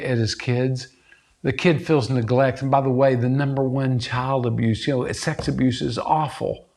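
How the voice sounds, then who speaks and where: A middle-aged therapist talking earnestly, telling a client story and acting out the voices in it. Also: male voice. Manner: earnest, acts out quoted voices with rising pitch. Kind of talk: conversational storytelling.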